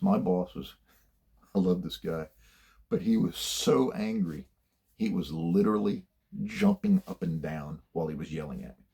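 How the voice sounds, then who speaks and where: Blunt older man, deep husky voice. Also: warm tone. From United States. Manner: blunt, plainspoken, swears freely. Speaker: host giving career advice. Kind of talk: casual advice monologue.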